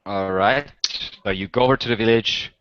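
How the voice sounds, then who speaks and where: A man's voice: lowish voice, moderate pace, a bit bright, dry recording. A man narrating a tabletop game as game master, with casual, filler-heavy narration. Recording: dull, slightly lo-fi, dry recording.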